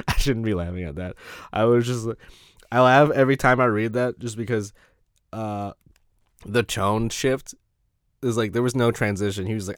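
A man's voice: fairly low pitch, moderate pace, long pauses, no room sound, clean studio sound. A man hosting a casual solo podcast who talks in a rambling, profane way and laughs often. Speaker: podcast host.

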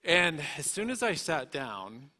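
A man's voice: a little high, very animated, measured pace, pushed and bright. A man giving an earnest, emotional personal testimony, often restarting his sentences as he tells his story. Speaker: guest speaker. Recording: echoey hall reverb.

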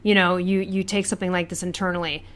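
A woman's voice: fairly low pitch, flat delivery, fast. A woman co-hosting a podcast, chatting casually in a frank, blunt way with lots of rhetorical questions. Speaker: podcast co-host. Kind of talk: casual chat.

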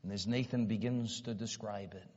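A man preaching a sermon, retelling a story dramatically and swinging from hushed asides to loud, rising exclamations. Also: on the low side, steady tone, moderate pace, husky. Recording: dull sound with long reverb in a hall.

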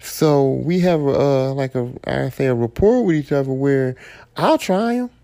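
Male podcast host, gravelly and dark-toned, blunt profane AAVE rant. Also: mid-range voice, expressive, unhurried. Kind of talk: solo podcast monologue.

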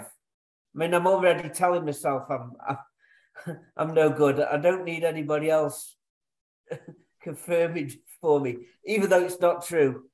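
A man with a slightly high voice speaks haltingly about his nerves, laughing a little as he goes. He sounds like he's in a roomy, echoey space. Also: darkish tone. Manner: hesitant, self-doubting, laughs nervously. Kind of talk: casual podcast chat.

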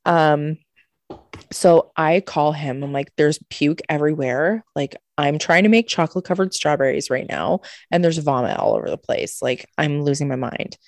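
A woman co-hosting a podcast, telling a story in a lively, casual way, swearing freely and acting out what people said. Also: sits low, normal speed, gravelly, dry recording, clean studio sound. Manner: animated, swears a lot, acts out quotes. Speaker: podcast co-host.

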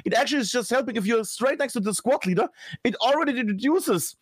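Guest spot: high-voiced man, very animated delivery, casual and chatty. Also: fast, no echo. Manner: chatty, self-interrupting, swears casually. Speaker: guest, competitive game broadcaster. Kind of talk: casual podcast chat.

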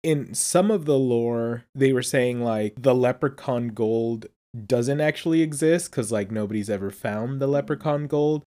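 A man's voice: medium pitch, measured pace, hardly any pauses, warm tone. Man, podcast co-host, casual film chat, musing explainer, mid-range voice. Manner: musing, explains folklore at length.

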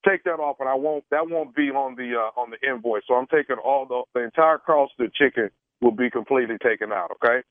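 A man's voice: medium pitch, fast, hardly any pauses, dry recording. A man making a prank phone call as a radio host, hesitant and stalling with lots of fillers. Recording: tinny phone line.

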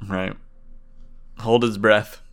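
A man's voice: lowish voice, fairly even intonation, drawn-out words, a bit bright. A young man co-hosting a podcast in casual chat, trading dry, sarcastic quips. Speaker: podcast co-host.

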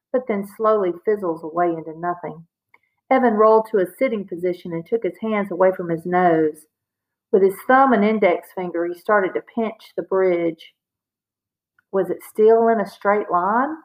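A woman's voice: fairly low pitch, rough recording. Woman reading a children's novel aloud. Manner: expressive storytelling. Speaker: teacher reading a chapter book to students.

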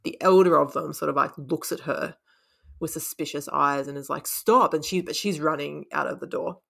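A woman's voice: sits low, fairly even intonation, brisk, vocal fry, a bit bright. Chatty woman retelling a book. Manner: chatty, laughs often, acts out quotes. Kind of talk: casual chat retelling a book.

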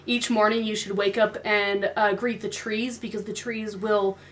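A woman's voice: mid-range voice, flat delivery, fairly bright tone. A woman hosting a podcast, telling stories in a chatty, bubbly way. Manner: chatty storytelling, fast and bubbly. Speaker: podcast host. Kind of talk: casual chat.

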